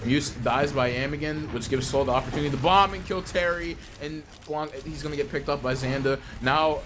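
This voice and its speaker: Excitable young-sounding male esports caster. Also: fairly high pitch, fairly quick, noisy background. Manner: excitable, joking, slangy, repeats himself. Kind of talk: live play-by-play commentary.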